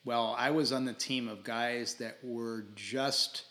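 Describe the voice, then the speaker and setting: A bright, forward-sounding man in his sixties, the guest on a casual podcast. He tells his stories with animated energy, laughs often and trips over his own restarts as he goes. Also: mid-range voice, slow. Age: 60s. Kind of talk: casual storytelling interview.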